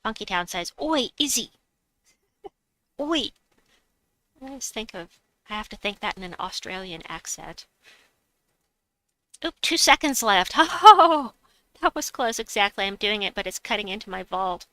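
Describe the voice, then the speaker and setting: A woman's voice: medium pitch, lively intonation, moderate pace, sharp tone, no echo, low-quality recording. A woman streaming a game, chatting casually, reading viewers' messages aloud and laughing often. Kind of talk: casual live-stream chat.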